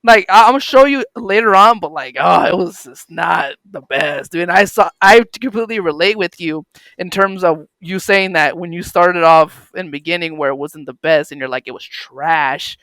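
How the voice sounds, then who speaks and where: A man's voice: sits high, normal speed, bright, forceful tone, no echo, poor audio. A young man hosting a podcast, chatting casually and rambling through questions with many fillers. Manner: rambling, filler-heavy, encouraging interviewer. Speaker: podcast host. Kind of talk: casual chat.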